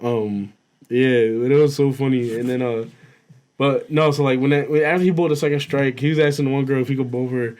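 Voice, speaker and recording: A young man co-hosting a podcast, telling a story in casual chat, animated and profane, laughing as he goes. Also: mid-range voice, fast. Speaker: podcast co-host.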